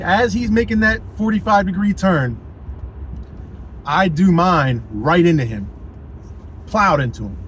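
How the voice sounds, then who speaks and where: A man's voice, a little higher than most men's, telling a loose, rambling story in a casual vlog. He swears freely and leans on fillers and "you know what I mean," with a faint hum of noise under him. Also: poor audio.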